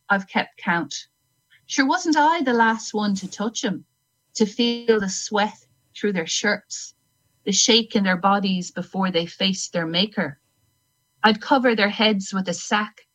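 A woman's voice: mid-range voice, lively intonation, a little slow, fairly bright tone, poor audio. A woman reading as a grim hangwoman. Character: older woman hangman, grim, unrepentant and secretive. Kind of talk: first-person story reading.

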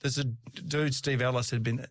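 A middle-aged former rugby player, appearing as an interview guest, tells casual stories full of laughs and restarts. His voice is mid-range and steady at a normal speed.

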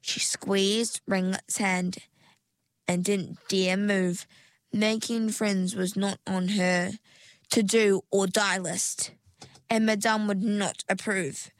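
A woman narrating a children's storybook in a slow, even, clear reading. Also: mid-range voice, no echo.

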